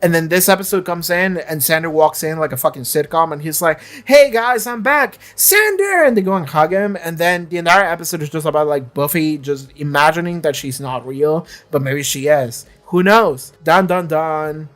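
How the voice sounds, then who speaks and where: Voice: medium pitch, steady tone, a little fast, hardly any pauses, fairly bright tone. A reaction video creator in casual commentary, chatty and swearing freely, now and then acting out characters' lines.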